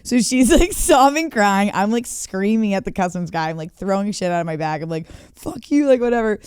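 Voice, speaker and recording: A woman in her thirties spins a chaotic story in loose, animated talk, swearing freely and leaning on "like" between bursts of laughter. Her voice is smooth and clean, close to the mic in a dry room. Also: medium pitch, fairly quick, no echo. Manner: animated, swearing, many "like" fillers, laughing often. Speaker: guest, DJ. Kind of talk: casual storytelling chat.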